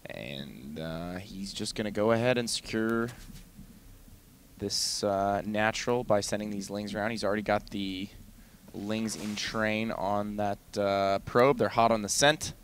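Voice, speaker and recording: A man casting a video game match, breaking down strategy in an analytical, measured way. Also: fairly low pitch, slight background noise. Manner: analytical, measured, speaks in quick asides. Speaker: esports caster. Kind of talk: play-by-play game commentary.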